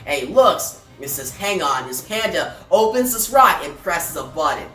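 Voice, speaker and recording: Bright-voiced comic recap narrator in a roomy space. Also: mid-range voice, big pitch swings, moderate pace. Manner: reads dialogue aloud with frequent "he says"; loose, filler-heavy phrasing with restarts. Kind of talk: casual retelling of a comic. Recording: roomy, distant mic with faint music.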